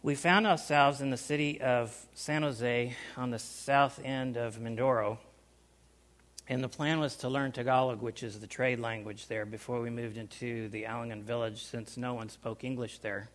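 A man telling a personal story to a small group, animated, with loudness swinging up and down and sounds acted out. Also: mid-range voice, normal speed. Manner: animated, loudness rising and falling, acts out sounds. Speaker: speaker recounting life overseas.

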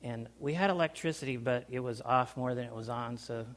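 A man telling a personal story to a small group, animated, with loudness swinging up and down and sounds acted out. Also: mid-range voice, fairly quick. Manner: animated, loudness rising and falling, acts out sounds. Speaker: speaker recounting life overseas.

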